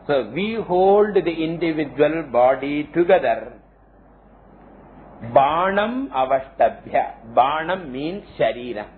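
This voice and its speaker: Male teacher, fairly high voice, measured scripture class, lo-fi phone-like recording. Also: lively intonation. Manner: slow, explanatory, chants Sanskrit terms. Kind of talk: scriptural lecture. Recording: tinny phone-like lo-fi audio, faint hiss.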